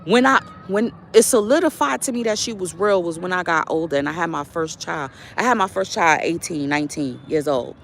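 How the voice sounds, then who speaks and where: On a walk, this young spiritual vlogger delivers a casual story-monologue, heavy on fillers and sermonizing asides. Her low-ish, slightly bright voice moves fairly quickly with few pauses, over a little hiss or hum.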